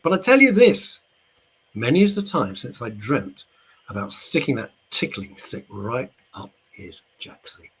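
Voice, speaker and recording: A man's voice: mid-range voice, slight background noise, low-quality recording. A man hosting a radio talk show, ranting indignantly and chatting directly to his listeners.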